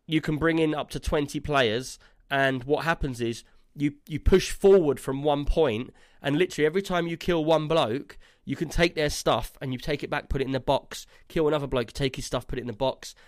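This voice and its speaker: A man chats on a gaming podcast, slightly high-pitched and recorded dry and close on a studio mic. He rambles through a story with lots of fillers and gets animated as he goes. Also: a little fast, no room sound. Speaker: podcast co-host. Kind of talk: casual gaming podcast chat.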